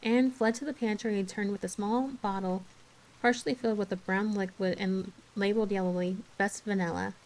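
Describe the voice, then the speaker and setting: A woman streamer reading a classic children's novel aloud in a steady, expressive way. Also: medium pitch, fairly quick, poor audio. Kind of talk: storybook read-aloud.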